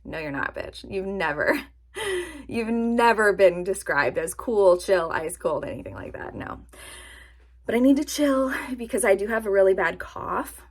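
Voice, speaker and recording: A woman chatting casually to her camera in a vlog, animated and self-mocking, laughing at her own jokes. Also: medium pitch, a little slow, husky. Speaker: vlogger. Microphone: camera-mounted or nearby mic, sitting to film.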